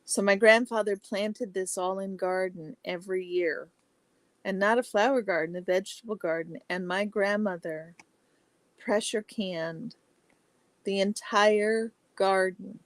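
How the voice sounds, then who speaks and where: A woman hosting a casual livestream chat, reading viewer comments aloud and answering each by name, chatty and exclamatory with soft asides. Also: medium pitch, steady tone, a little slow, no room sound. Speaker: livestream host.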